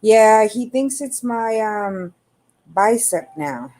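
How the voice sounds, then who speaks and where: A middle-aged woman hosting a live chat, talking slowly and easily. Her voice is mellow and dark, a bit tired, and she keeps pausing to greet viewers one by one. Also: fairly high pitch. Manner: relaxed, unhurried, greets viewers by name. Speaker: livestream host.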